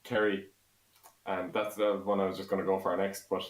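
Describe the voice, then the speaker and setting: An Irish man with a fairly low voice chats on a livestream and tells loose, rambling stories, laughing often. His voice rings in a room with a noticeable echo. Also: flat delivery, moderate pace, distant mic. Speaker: folk band member, co-host. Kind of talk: casual chat on a livestream. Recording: roomy echo.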